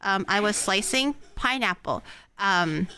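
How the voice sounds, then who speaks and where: A young woman streamer chatting casually while cooking, telling animated stories and acting out what others said. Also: mid-range voice, measured pace. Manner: animated storyteller, acts out quotes.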